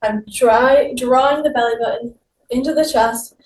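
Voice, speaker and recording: A woman's voice: fairly high pitch, normal speed, a little mellow. A woman leading a guided exercise class, giving upbeat, encouraging cues while she moves along. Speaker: fitness instructor. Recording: roomy, distant mic with faint noise.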